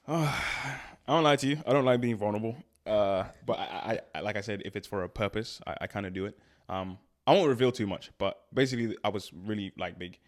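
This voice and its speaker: A man's voice: fairly low pitch, brisk. A young man, a guest on an interview show, telling his story in casual chat, laughing often and acting out what people said. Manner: animated storytelling, laughs often, acts out quotes. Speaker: guest, spoken word artist.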